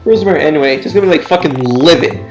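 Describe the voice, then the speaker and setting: Man, gameplay commentary, sarcastic, swears, higher voice, echoey room, faint music. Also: rapid-fire. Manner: jokey, sarcastic, swears freely. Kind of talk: let's play commentary, reading game text aloud.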